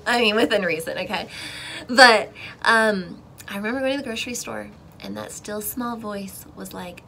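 A young woman with a bright, clear voice and mid-range pitch tells a personal faith story to her viewers. She talks casually and expressively, with emotional swings and frequent restarts. Faint background noise sits under her voice. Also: normal speed, low-quality recording. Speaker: vlogger sharing a faith testimony.

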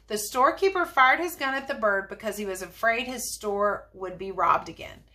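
Storybook judge, solemn and measured, read by a woman. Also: mid-range voice, lively intonation, bright, forceful tone. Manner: slow, measured pronouncements. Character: solemn male judge, wise and calm.

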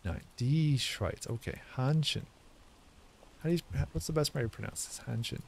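A man's voice: mid-range voice, lively intonation, moderate pace, gravelly, a little hiss or hum. A man thinking aloud as he practices a language he is learning, guessing at words and correcting himself as he sounds them out. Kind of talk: casual think-aloud commentary.

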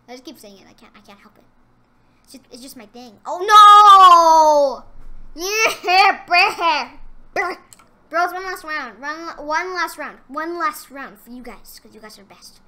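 A woman doing casual gameplay commentary for her gaming channel, excitable and trash-talking her opponents, then dropping into mumbled asides. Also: high-pitched, moderate pace.

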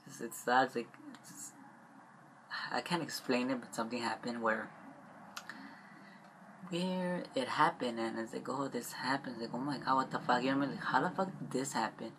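A young man rambling in a confessional vlog, upset and stressed, halting and trailing off with frequent swearing. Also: medium pitch, a bit bright, slight background noise.

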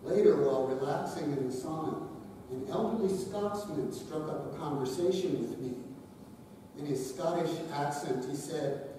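A man's voice: on the high side, normal speed. Man giving a eulogy in an echoing hall. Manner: gentle storytelling, light humor. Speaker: eulogy speaker, son-in-law. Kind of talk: memorial eulogy. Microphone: distant. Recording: echoey hall, distant mic, faint hiss.

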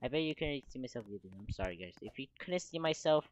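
A teenage boy giving casual, rambling gameplay commentary, with sudden loud outbursts and voice cracks. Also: on the high side, animated, fast talker. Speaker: gaming video creator. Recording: noisy home mic recording.

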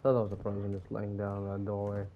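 A man's voice: lowish voice, completely flat delivery, fast, dull audio. A man giving casual commentary while playing a shooter, often bursting out in frustration and swearing. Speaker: gamer.

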